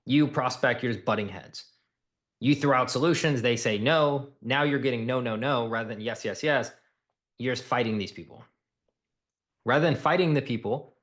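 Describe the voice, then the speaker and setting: A man coaching salespeople, talking bluntly and with emphasis. He hammers points home by repeating them, and his voice sits at an ordinary middle pitch. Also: a bit bright.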